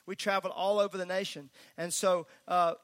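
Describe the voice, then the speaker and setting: A man's voice: sits high, little pitch movement, fairly quick, a bit bright. A male pastor preaching a sermon at a church service, emphatic and conversational, with folksy asides.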